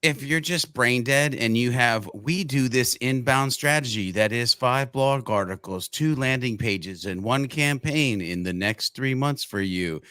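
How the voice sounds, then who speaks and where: Emphatic man with a bright, dry voice. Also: medium pitch, a little slow, hardly any pauses, clean tone, no echo. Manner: emphatic, punchy, repeats short blunt lines. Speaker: co-host. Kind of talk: podcast discussion.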